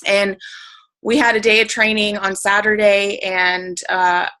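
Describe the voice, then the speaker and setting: A woman's voice: medium pitch, level tone, a little slow, sharp tone, low-quality recording. A woman telling a story on a group video call, chatty and emotional, with lots of "like" and fillers. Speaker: team member sharing a story on a group call. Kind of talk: casual storytelling.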